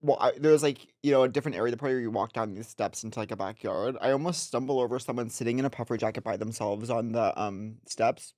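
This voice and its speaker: A man's voice: medium pitch, fast, hardly any pauses, darkish tone, no echo. Chatty man co-hosting, dry close mic. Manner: chatty anecdotes with trailing asides. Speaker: podcast co-host. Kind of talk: casual chat.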